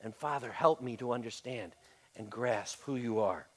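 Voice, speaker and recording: A man preaching a conversational sermon as a pastor in church, often repeating words and swinging between soft and loud. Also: medium pitch, moderate pace. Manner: conversational, repeats words, varies loudness widely. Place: church sanctuary.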